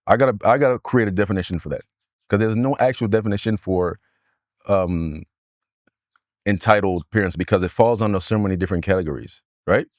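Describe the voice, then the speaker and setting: A man's voice: lowish voice, fairly quick, dry recording, clean studio sound. A man co-hosting a casual podcast, insistent and repetitive as he argues his point with his co-host. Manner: insistent, repeats himself, talks over his partner. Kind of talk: casual argumentative chat.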